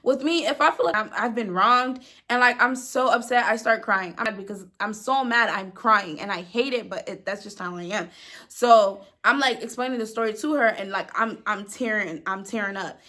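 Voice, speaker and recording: A young woman in her twenties casually telling an animated story to her phone camera, with emphatic slang and repeated words. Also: medium pitch, normal speed. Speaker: storyteller vlogger.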